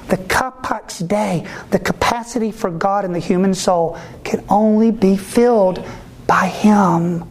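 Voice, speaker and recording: A man who is a Catholic priest, giving a sermon-style talk to ministry workers in an animated way, acting out the voices he quotes and often asking listeners whether they follow. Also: high voice, slight background noise. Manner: asks the audience for agreement.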